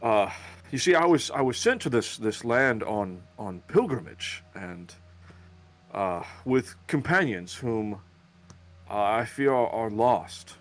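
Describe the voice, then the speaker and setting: A man's voice: on the low side, animated, slow pace. A man voicing a nervous, devout male pilgrim in a tabletop game, stammering and repeating words in formal, humble speech. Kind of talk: tabletop game role-play.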